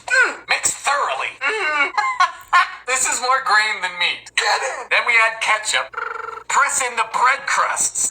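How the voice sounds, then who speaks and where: Guy hosting a baking vlog, deadpan jokey delivery, sharp bright tone, big pitch jumps. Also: rough recording. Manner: dry, deadpan one-liners with sudden excited squeals. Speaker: home baking video host. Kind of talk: comedic recipe-testing vlog narration.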